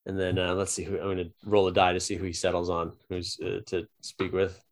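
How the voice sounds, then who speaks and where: A man's voice: sits low, completely flat delivery, fairly quick. A man narrating an improvised tabletop game as game master, in a loose, casual way with many fillers.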